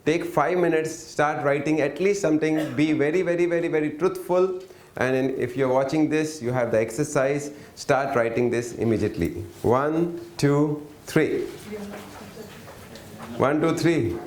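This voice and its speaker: A man's voice: fairly high pitch, normal speed, darkish tone. A man teaching an interactive lesson, often asking the audience questions and waiting for replies. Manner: questioning, coaxing the audience to answer. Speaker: workshop teacher. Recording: echoey room.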